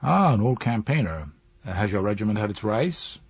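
A man's voice: lowish voice, very animated, moderate pace, husky, highs cut off, exaggerated voice. A male audiobook narrator voicing an emperor who speaks to a soldier with put-on hearty military geniality. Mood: bluff geniality. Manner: hearty, affectedly familiar. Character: bluff, genial male emperor addressing a sentry.

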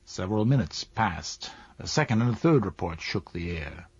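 Husky low-voiced male audiobook narrator. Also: expressive, normal speed, a little mellow, dry recording. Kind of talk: scripted narration of a classic novel. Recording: dull dry lo-fi recording.

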